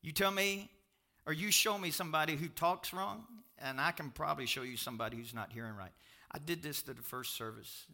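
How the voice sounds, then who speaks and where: A middle-aged pastor with a Kentucky accent, preaching a sermon in an emphatic storytelling manner that swings from exclamations to low confiding asides. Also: male voice, fairly quick, gravelly, bright, forceful tone.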